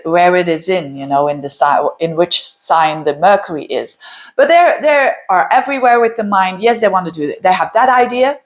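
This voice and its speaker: A woman from Belgium, an astrologer, talking through a forecast in a casual, animated way, often restarting and repeating phrases for emphasis. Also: on the low side. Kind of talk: casual explanatory monologue.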